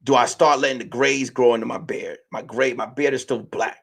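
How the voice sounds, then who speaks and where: Animated, profane man in his late thirties. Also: mid-range voice, a little fast. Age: late 30s. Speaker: podcast host. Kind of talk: casual monologue to listeners.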